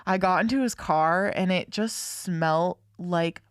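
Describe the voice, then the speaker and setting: A woman's voice: lowish voice, unhurried, clean tone, no room sound, clean studio sound. A young woman co-hosting a podcast, chatting casually and rambling through a story with many fillers and restarts. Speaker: podcast co-host.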